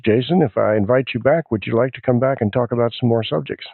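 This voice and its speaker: A man's voice: medium pitch, fast talker, vocal fry, no room sound. A man hosting a radio interview show, wrapping up with brief, affirming remarks. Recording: dry tinny phone line.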